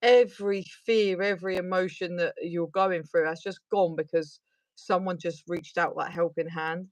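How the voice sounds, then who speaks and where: A woman's voice: on the low side, fairly even intonation, normal speed, no echo. A woman hosting a casual interview, asking long rambling questions full of fillers. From United Kingdom. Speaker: host.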